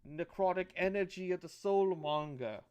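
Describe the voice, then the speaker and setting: A man narrating a tabletop game as game master, halting and restarting phrases as he goes. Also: high voice, a little mellow, clean tone.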